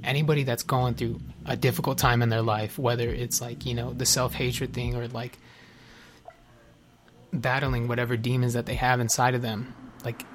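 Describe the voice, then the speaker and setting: A young man speaks candidly about his own struggles, earnest and confessional, often restarting his sentences. His pitch stays flat and level. Music plays clearly beneath him. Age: young adult. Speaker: person sharing his recovery story. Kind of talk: candid personal testimony.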